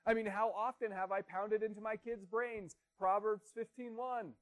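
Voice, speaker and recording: A man's voice: sits high, steady tone, normal speed. A man, a pastor with children, preaching an earnest, conversational sermon full of rhetorical questions.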